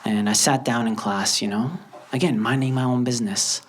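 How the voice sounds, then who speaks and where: A young man doing a stand-up comedy set, telling stories and acting out characters with quick bursts. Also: mid-range voice. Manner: animated storytelling, acts out characters in quick bursts. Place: comedy stage with a laughing audience. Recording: loud audience laughter and noise.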